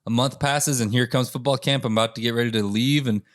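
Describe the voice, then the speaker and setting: A man telling stories in a casual podcast chat, swearing freely and animated as he recounts things. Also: mid-range voice, fast talker, no echo, studio quality. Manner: profane, animated storytelling. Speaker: podcast host.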